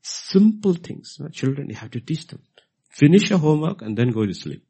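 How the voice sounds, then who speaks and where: Husky man preaching with emphasis. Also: mid-range voice, big pitch swings, normal speed. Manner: swings between hushed whispers and loud, emphatic exclamations; repeats key phrases for emphasis. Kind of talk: sermon.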